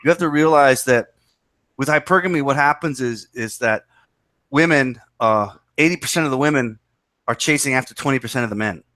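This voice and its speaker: A man's voice: medium pitch, a little fast, fairly bright tone, no room sound. A man in a casual chat, explaining his views at length and repeating himself. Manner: lecturing, repetitive explaining. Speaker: podcast co-host.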